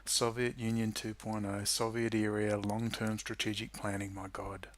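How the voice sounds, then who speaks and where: A political commentary YouTuber, a man with a voice on the low side and little pitch movement, rants to camera at a moderate pace. His monologue is angry and sarcastic, and he swears freely.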